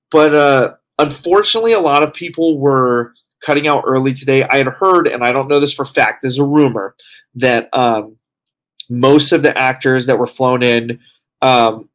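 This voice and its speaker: A man's voice: medium pitch, moderate pace, fairly bright tone. Tired guy rambling on a casual podcast, lots of likes and uhs, medium voice. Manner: rambling, full of fillers and "like". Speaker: co-host reporting from a convention.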